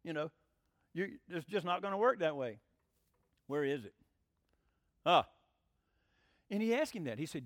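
A folksy middle-aged preacher with a drawl, his voice sitting high and swooping up and down as he preaches. He keeps asking the room questions. The sound is dry and close. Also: big pitch swings, moderate pace, long pauses, fairly bright tone, no room sound. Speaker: pastor. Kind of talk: sermon.

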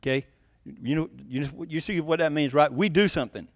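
A man's voice: fairly high pitch, fairly quick, no echo. A man preaching a sermon in a conversational way, often laughing and putting questions to the congregation. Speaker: pastor.

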